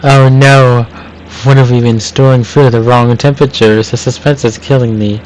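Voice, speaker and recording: A man voicing an awkward teenage girl with a monotone delivery, in an amateur reading of a cartoon fan script. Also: medium pitch, normal speed, slight background noise, natural voice, poor audio. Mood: deadpan. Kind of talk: amateur script read-aloud.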